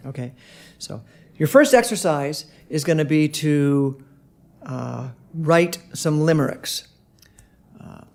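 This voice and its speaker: A middle-aged man teaching a songwriting lesson in a casual, hesitant way, chanting rhythms in nonsense syllables. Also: a little high. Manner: hesitant, many fillers and restarts.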